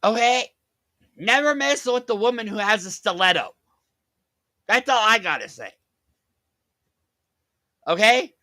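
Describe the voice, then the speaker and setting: A man rants on his vlog with lively, swooping sarcasm, drawing out his words at a slow, deliberate pace. His voice is bright and forward. The sound is dry and close. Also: high voice, no room sound. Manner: animated, sarcastic, laughs at his critic. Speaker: vlogger. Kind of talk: mocking rant.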